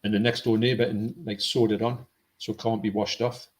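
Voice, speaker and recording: A man with a low voice, co-hosting a casual film chat live stream and reading out viewer comments. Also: flat delivery, brisk. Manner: chatty, reads out viewer comments.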